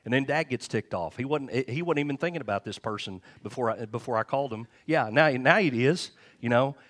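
A pastor preaching a sermon, candid and joking, with chuckled asides to the congregation. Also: male voice, medium pitch, fairly quick, fairly bright tone.

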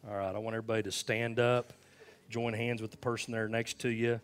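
An older man, a pastor, closing his sermon with a folksy story, acting out the voices in it, then leading a prayer. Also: lowish voice. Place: church sanctuary.

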